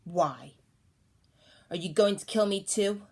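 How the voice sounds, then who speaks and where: A woman's voice: medium pitch, takes it slowly, breathy edge. A woman voicing an eerie baby boy from a nightmare who speaks in a cold, accusing way.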